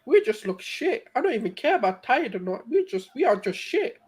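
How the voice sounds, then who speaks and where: Female co-host, sweary and sarcastic, loud ranting reactions. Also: on the high side, sing-song, a little fast, breathy edge. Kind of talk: casual live watchalong chat.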